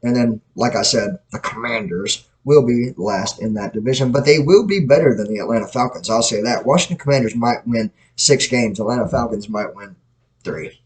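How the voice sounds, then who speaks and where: A man's voice: medium pitch, fairly quick, hardly any pauses, poor audio. A man hosting his own self-produced podcast, giving blunt, opinionated sports takes in a rambling, casual way with frequent self-corrections. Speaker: podcast host. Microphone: self-produced podcast mic.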